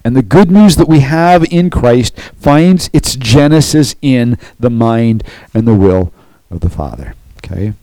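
A man's voice: mid-range voice, animated, measured pace, few pauses, dark tone, no room sound, low-quality recording. A man preaching a sermon as pastor, earnest, often checking in with the congregation by asking "okay?".

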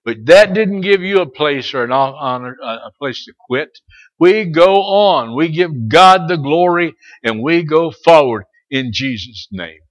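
A middle-aged pastor, his voice pitched slightly high for a man and very expressive, preaches to his congregation. Quiet, chatty asides give way to loud, stretched-out urgings not to give up, and occasionally he speaks to particular people by name.

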